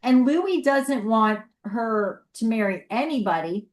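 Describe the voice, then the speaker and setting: Woman chatting about an old sitcom, kinda high voice, roomy echo around her. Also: animated. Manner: chatty, encouraging, quick to laugh along. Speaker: podcast co-host. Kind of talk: casual retro TV chat.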